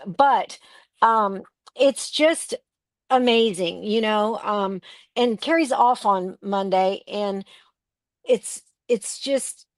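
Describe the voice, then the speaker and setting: A woman's voice: medium pitch, slow, dry recording. A woman co-hosting a casual livestream, telling stories in a chatty way with lots of fillers and restarts. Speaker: co-host of a crafting livestream.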